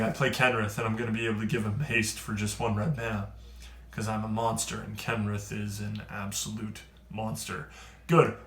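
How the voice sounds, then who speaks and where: Excitable man in a roomy room. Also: mid-range voice. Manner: excitable, rambling, trails off quieter. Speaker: card game video creator. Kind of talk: casual card review. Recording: roomy echo.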